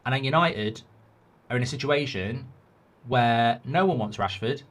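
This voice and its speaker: A man's voice: medium pitch, a little slow, fairly bright tone. A man, a football fan commentator ranting with sarcastic rhetorical questions.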